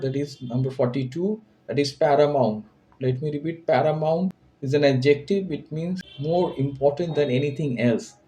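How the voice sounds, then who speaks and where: A man's voice: a little high, mellow, a little hiss or hum, poor audio. A man teaching an English vocabulary lesson, patiently repeating and restating each word's meaning.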